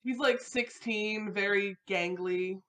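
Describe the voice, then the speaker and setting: A woman's voice: medium pitch, slow pace, crowd noise. A woman with a mid-range voice plays a tabletop role-playing game. She talks casually, often filling gaps with little words. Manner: chatty, many fillers. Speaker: player.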